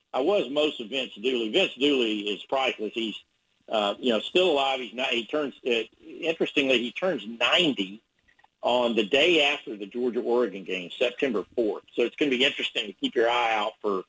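A man's voice: medium pitch, normal speed, a bit bright, slightly rough, poor audio. A man, a sports reporter, telling stories in a casual radio interview, rambling with many fillers and restarts.

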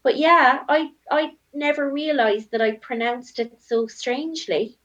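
A woman's voice: sits high, fairly even intonation, measured pace, a bit bright, distant mic. A woman, chatting casually and telling stories full of "like". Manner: chatty storyteller, lots of "like". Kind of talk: casual chat. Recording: dull lo-fi sound.

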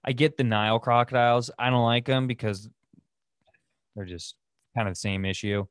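A man's voice: mid-range voice, fairly even intonation, normal speed, smooth, no room sound, clean studio sound. A man hosting a casual solo podcast, rambling through stories with lots of fillers and restarts. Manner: rambling, filler-heavy, loose storytelling. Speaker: podcast host.

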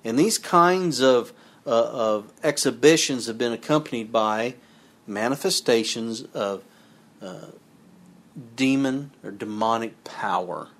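A man's voice: mid-range voice, slow, a bit bright. A man giving a sermon, reading scripture passages aloud and then explaining them in a conversational way with asides to his listeners. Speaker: preacher.

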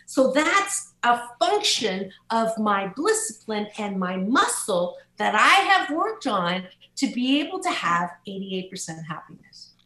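A woman author and motivational speaker in an interview, telling stories in an upbeat, animated way and swooping up into high voices. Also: measured pace, few pauses, reverberant, low-quality recording. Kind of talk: podcast interview.

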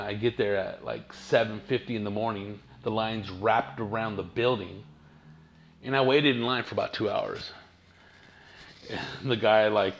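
A man, hosting his own podcast and telling rambling, profane stories in casual slang. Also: on the low side. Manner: profane, slangy, laid-back storytelling. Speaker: podcast host.

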